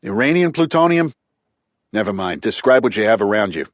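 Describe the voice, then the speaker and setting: A man with a Chicago accent voicing a calm, wry male explosives expert who speaks in a steady, instructive way. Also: on the low side, fairly quick, no room sound, lightly acted. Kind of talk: audiobook character reading.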